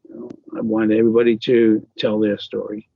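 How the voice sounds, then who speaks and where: Guy w a gravelly husky voice, lots of uhs and restarts, kinda dull lo-fi sound. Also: lowish voice, level tone, dry recording. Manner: halting, many fillers and restarts. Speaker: author guest. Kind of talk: casual interview.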